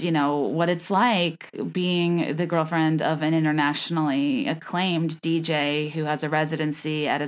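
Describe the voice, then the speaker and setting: A woman hosting a podcast, talking in a chatty, gossipy way with a wry, sarcastic edge. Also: deep voice. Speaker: podcast host. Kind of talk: casual chat.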